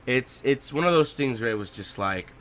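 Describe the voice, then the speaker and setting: A man's voice: mid-range voice, expressive, normal speed, fairly bright tone. A young man hosting a let's play, giving a blunt, profane, repetitive rant about a game from his home gaming setup. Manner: blunt, profane, repeats himself when ranting. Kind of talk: gameplay reaction rant.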